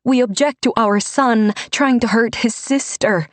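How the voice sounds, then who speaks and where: A woman's voice: fairly high pitch, a little slow, dry recording, pitched above the performer's own voice, natural voice. A woman narrator voicing a worried middle-aged mother who pleads with her estranged daughter, her voice raised and emotional. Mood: earnest.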